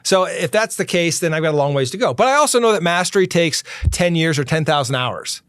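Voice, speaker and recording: A middle-aged man, a podcast host, answering interview questions in an earnest, emphatic way and slowing down to stress his key points. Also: a little high, animated, a bit bright, clear, resonant tone, dry recording, clean studio sound.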